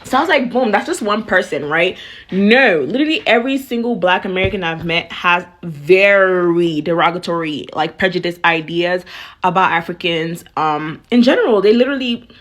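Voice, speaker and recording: A woman's voice: lowish voice, expressive, normal speed, fairly bright tone. Blunt, slangy young woman from Nigeria. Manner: slangy, blunt, swears freely. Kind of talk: casual storytime rant.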